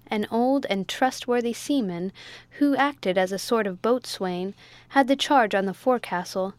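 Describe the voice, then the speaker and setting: A woman narrating a classic sea novel as an audiobook, in a steady, clear reading. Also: on the high side, no room sound. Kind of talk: scripted narration.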